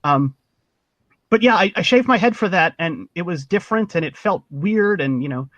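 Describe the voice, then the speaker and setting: A man from Pittsburgh chats as a podcast guest, laughing often and restarting his sentences. His voice sits a little high. The recording is close and dry, with a slightly dull, muffled tone. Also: expressive, normal speed, fairly bright tone, no room sound. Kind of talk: casual chat.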